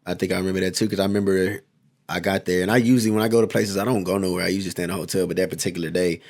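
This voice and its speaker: A man's voice: low voice, level tone, rapid-fire, darkish tone. A man from Houston, a rapper guest in a casual interview, talking in a laid-back, rambling way full of slang. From Houston, Texas.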